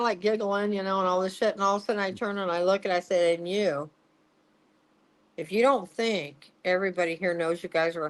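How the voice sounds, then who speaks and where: A woman's voice: fairly high pitch, fairly bright tone, low-quality recording. A middle-aged woman, a psychic medium, telling a story in an interview, laughing, swearing and acting out what people said.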